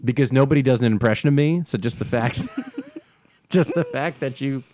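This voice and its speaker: A man's voice: medium pitch, normal speed, dry recording. A man from New Jersey with a New Jersey accent, hosting a podcast in casual chat and laughing often. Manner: laughs often, animated storyteller. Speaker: podcast host.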